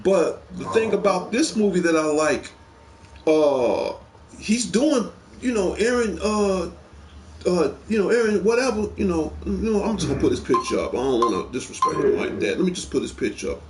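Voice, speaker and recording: Brief: rambling male host, slightly high voice, echoey room, eager, repeats himself. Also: expressive, normal speed, background noise. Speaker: show host. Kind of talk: casual chat about movies.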